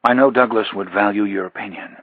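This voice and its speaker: A man's voice: fairly low pitch, steady tone, fairly quick, no room sound, phone-quality sound, natural voice. A man voicing a sardonic male intelligence officer with a dry, understated wit. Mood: wry.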